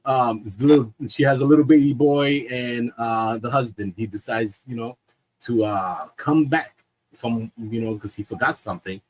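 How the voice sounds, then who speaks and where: A man telling a long joke to friends in casual chat, animated and laughing through his own punchlines. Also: medium pitch, normal speed. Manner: animated storyteller. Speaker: stream co-host.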